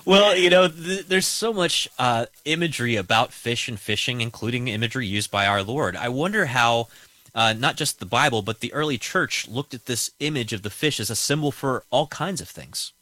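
A man's voice: medium pitch, animated, moderate pace, pushed and bright, no echo. A man hosting a radio interview in a conversational, folksy way. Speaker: host.

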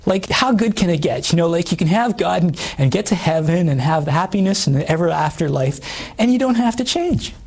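A middle-aged man with a hoarse voice, giving an earnest personal testimony in an interview, halting with many fillers. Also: a little high, a little mellow. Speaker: guest.

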